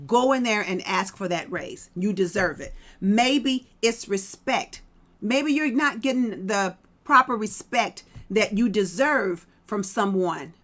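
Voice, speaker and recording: A woman's voice: medium pitch, fairly bright tone. Emphatic woman giving motivational talk. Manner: emphatic, preachy, repeats key points. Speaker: vlog host.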